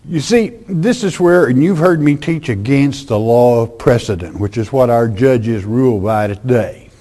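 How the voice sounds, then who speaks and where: A man preaching a folksy, emphatic sermon, swinging between loud declarations and hushed asides. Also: medium pitch, moderate pace.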